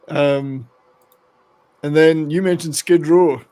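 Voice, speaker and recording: A man's voice: fairly high pitch, fairly even intonation, slow, dark tone. A man hosting a podcast who chats casually about rock history, rambling a little and reading out excerpts. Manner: rambling, reads excerpts aloud. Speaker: podcast host. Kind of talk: casual music chat.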